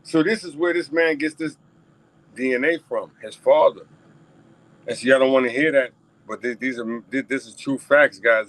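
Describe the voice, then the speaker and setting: A man's voice: mid-range voice, fairly bright tone, low-quality recording. A man hosting his own talk show, riffing emphatically and repeating himself as he speaks straight to his viewers. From New York. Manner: emphatic, repetitive, addresses viewers directly. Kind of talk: casual solo commentary.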